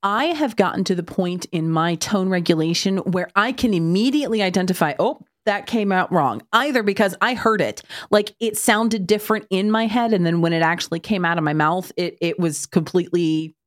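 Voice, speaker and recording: A woman in her thirties, an author who co-hosts a parenting podcast, chats casually and frankly, with casual swearing and wry asides. Her lowish voice moves briskly with few pauses, recorded in a clean studio with no echo.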